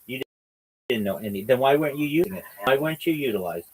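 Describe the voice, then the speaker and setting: A man's voice: medium pitch, lively intonation, quick pace, husky, low-quality recording. A man hosting a casual livestreamed podcast chat, teasing and rambling in a mock-lecturing way. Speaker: podcast host.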